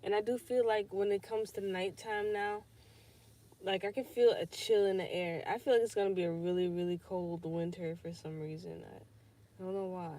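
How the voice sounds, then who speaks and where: A young woman hosts a casual podcast livestream, thinking aloud in a rambling way, swearing and using lots of fillers. Her voice is mid-range and a little mellow.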